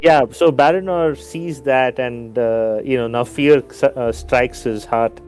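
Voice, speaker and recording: A man's voice: mid-range voice, measured pace, a little mellow, soft background music. A man playing a tabletop fantasy game, narrating his character's actions in a casual way. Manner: casual, filler-laden narration. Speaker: player. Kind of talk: tabletop role-play narration.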